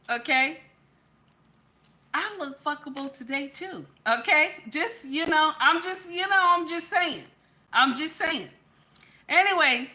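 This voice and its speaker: A woman hosting a livestream, chatting casually with viewers and reading their comments, animated and tagging "okay?" onto nearly every point. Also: sits high. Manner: animated, repeats "okay?" constantly. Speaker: livestream host.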